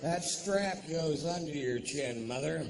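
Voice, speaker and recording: A man doing a drawling, profane stand-up comedy routine, rising to shouted punchlines on a theater stage. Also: medium pitch, expressive, unhurried, background noise. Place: theater stage before a live audience.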